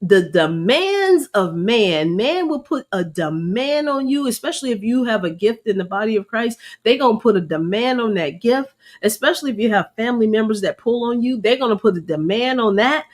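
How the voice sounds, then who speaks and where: A woman's voice: fairly high pitch, animated, normal speed, hardly any pauses. A middle-aged woman, sharing a faith-based personal testimony in an earnest, preacherly way and calling her listeners y'all. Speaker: host.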